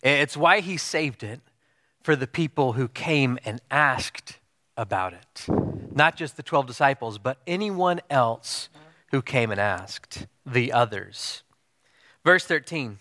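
A preacher telling a Bible story with animated storytelling and reading scripture aloud. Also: male voice, medium pitch, slow pace. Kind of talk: sermon.

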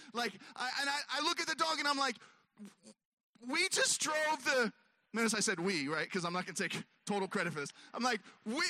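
A man's voice: very high-pitched, sharp tone, no room sound. A man telling a long self-mocking story on stage, acting out his own voice and others' as he goes. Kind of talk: stand-up storytelling.

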